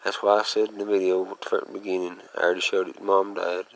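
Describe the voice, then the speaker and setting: A man's voice: sits low, flat delivery, racing, rough recording. A man from Western North Carolina, talking casually in a rambling, folksy vlog and chuckling often as he goes along rural roads. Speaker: vlogger.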